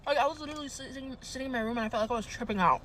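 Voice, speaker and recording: Profane, animated young woman telling a story. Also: sits high, racing, a little hiss or hum. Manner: profane, animated, swears a lot. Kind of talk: casual storytime.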